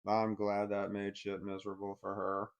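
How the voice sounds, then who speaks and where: A middle-aged man telling a personal story in a blunt, heavily profane way, swinging between anger and quiet bitterness. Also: lowish voice, completely flat delivery, normal speed, lo-fi sound.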